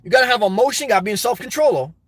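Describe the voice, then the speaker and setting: A man hosting a livestream, reading chat and rambling in a crude, excitable, off-the-cuff way from inside his car. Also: sits high, very fast, noisy background.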